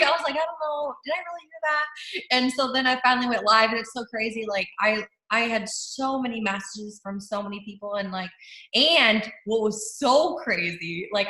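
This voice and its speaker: A young woman, a team leader, telling a story in casual leadership talk over a video call, animated with many restarts and fillers. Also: mid-range voice. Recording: roomy echo.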